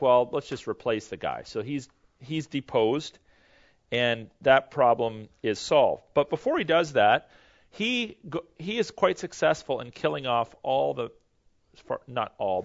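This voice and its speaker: A man teaching a Bible history lesson in a conversational, explanatory way, often restarting his sentences. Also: fairly high pitch. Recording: dull lo-fi recording.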